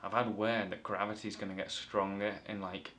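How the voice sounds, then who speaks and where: A man playing a hushed, solemn president. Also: on the low side, little pitch movement, normal speed, lightly acted. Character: grave male president on the phone.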